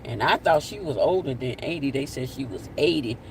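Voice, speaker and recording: A man's voice: mid-range voice, expressive, a little fast. A man hosting a casual live stream, reading viewer comments, repeating himself and sending blessings. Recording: distant mic with faint outdoor noise.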